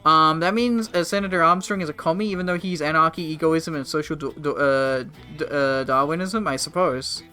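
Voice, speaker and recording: A man's voice: fairly high pitch, a little fast, hardly any pauses, sharp tone, faint music behind. A man in his twenties casually commenting on a strategy game during a live stream, rambling and swearing. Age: 20s. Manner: rambling, profane, joking with chat.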